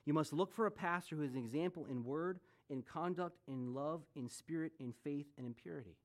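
A man in his late forties preaches to his congregation in a relaxed, chatty way. His voice sits a little high for a man. He mixes Bible teaching with joking asides and questions to the room. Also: a little fast. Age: 40s. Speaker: pastor. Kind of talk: sermon.

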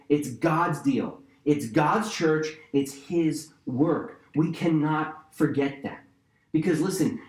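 A man pastor delivers an emphatic sermon in a fairly high voice, circling back to his key phrases and throwing in casual asides to the congregation. The sound carries a roomy echo around him.

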